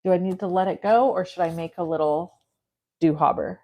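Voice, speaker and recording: Speaking briskly in a lowish voice, a middle-aged woman hosts a craft livestream and chats casually while she works. She's an animated, self-mocking storyteller spinning a tale as she crafts.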